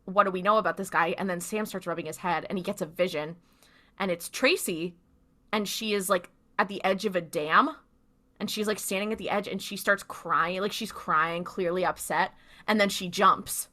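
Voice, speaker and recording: A woman's voice: medium pitch, normal speed, sharp tone. A woman podcast co-host casually recapping a TV episode, chatty, with lots of fillers. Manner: chatty, filler-heavy retelling with quoted lines.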